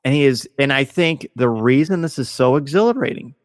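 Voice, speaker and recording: A man hosting a casual podcast discussion, gushing and excitable as he tells a story. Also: medium pitch, a little fast, no echo, clean studio sound, big-room sound. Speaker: podcast host.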